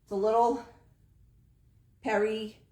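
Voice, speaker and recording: A woman takes it slowly in a warm, slightly high voice with a flat delivery. She runs a live-stream sale from an antique shop, talking through items and prices, and the audio has a roomy echo.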